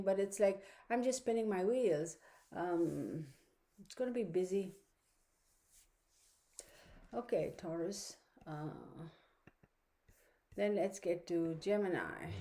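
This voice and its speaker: A woman's voice: fairly low pitch, warm tone. A woman reading a casual weekly astrology forecast from home, chatty and rambling, with many fillers and side remarks. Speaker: astrology reader. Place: home room with her dog. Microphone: computer microphone.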